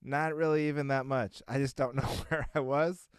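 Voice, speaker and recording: Smooth-voiced man chatting casually. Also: mid-range voice, fairly even intonation, normal speed, no echo, clean studio sound. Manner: rambling, chuckling, lots of fillers. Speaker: podcast co-host. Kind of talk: casual chat.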